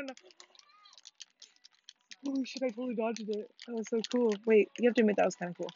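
Teen girl co-host, bit high, excitable and sweary gamer chat, muffled lo-fi recording. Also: quick pace, long pauses, slightly rough. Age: teens. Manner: excitable, swears a lot, laughs often. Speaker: podcast co-host. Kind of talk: casual chat while playing a video game.

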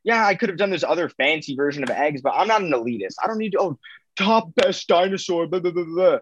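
A man's voice: a little high, expressive, quick pace, fairly bright tone, lo-fi sound, a little hiss or hum. A man in a comedic mock debate on a podcast, teasing and mocking his opponent's argument. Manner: teasing, mocking, laughs often.

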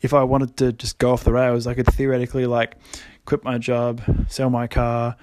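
A man's voice: mid-range voice, monotone, moderate pace, a little mellow, no room sound. Young aussie bloke rambling on his podcast, lots of um and like, dry close sound. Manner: rambling, lots of fillers, laughs often. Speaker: podcast host. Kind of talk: casual podcast monologue.

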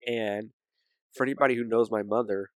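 A man's voice: lowish voice, fairly even intonation, brisk, smooth, no echo. A young man co-hosting a podcast, telling a story in a casual, rambling way with many fillers. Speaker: podcast co-host.

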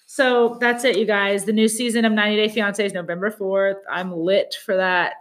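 A woman co-hosting a casual podcast, gossiping about a reality show. Her talk is chatty and quick, and she keeps slipping into short quotes of what people said. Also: medium pitch, fairly even intonation. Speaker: podcast co-host. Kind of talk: casual chat.

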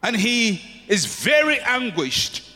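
Impassioned high-voiced male preacher. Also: sing-song, slow, sharp tone, faint music behind. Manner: impassioned, repetitive preaching cadence. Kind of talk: sermon. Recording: long hall reverb.

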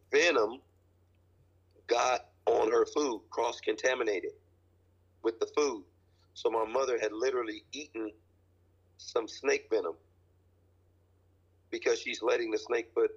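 A man telling a rambling family story in casual chat, joking and laughing as he goes. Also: mid-range voice. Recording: dull lo-fi sound.

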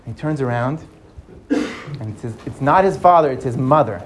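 A storyteller narrating a dramatic tale, lively and dropping low for suspense. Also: brisk, a little hiss or hum. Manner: lively, drops to hushed for suspense.

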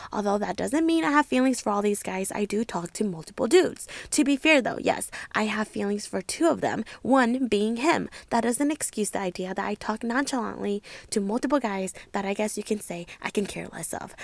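Young woman w a gravelly voice doing a storytime vlog, swears a lot, goes from whispering to yelling, dry close mic. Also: mid-range voice, fairly quick, hardly any pauses, no echo. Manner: animated, swings between hushed whispers and loud exclamations; swears freely and laughs at herself. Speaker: vlogger.

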